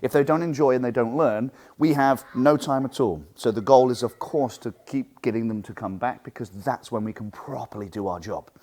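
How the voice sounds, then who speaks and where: A man teaching a coaching seminar for martial arts instructors, lively and animated, acting out what he says to students. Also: mid-range voice, normal speed, hardly any pauses. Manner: lively, animated, acts out quotes.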